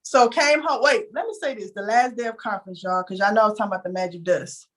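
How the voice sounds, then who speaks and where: A woman's voice: mid-range voice, quick pace, a bit bright. Candid Texan woman telling her story. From Houston, Texas. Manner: emotional, candid, addresses listeners as "y'all". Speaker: interviewee. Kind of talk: casual storytelling.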